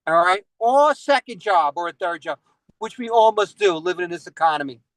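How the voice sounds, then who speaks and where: A man's voice: high voice, expressive, a little fast, no echo, poor audio. A man in his forties doing a rambling stand-up set over a video call from inside his car, peppering it with "all right?" asides. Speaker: stand-up comedian.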